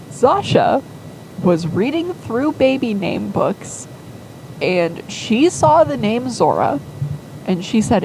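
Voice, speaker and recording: A woman's voice: medium pitch, a little mellow, a little hiss or hum, poor audio. A woman casually telling a rambling fan story, acting out quoted lines and filling with "like". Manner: rambling, full of "like" and quoted voices.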